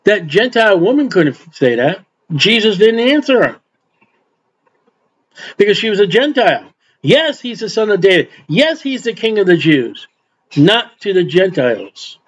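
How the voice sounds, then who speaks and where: A man's voice: high voice, big pitch swings, moderate pace, slightly rough. An older man preaching an informal Bible sermon in a folksy way, acting out quotes and adding asides. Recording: dull lo-fi recording.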